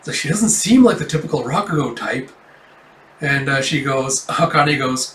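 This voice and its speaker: A man casually reading a manga chapter aloud, relaxed, with a lot of "like" and the odd chuckle. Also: mid-range voice, normal speed, recorded from a distance, slight background noise. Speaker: manga reader. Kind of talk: casual manga read-through. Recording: echoey room, off-mic.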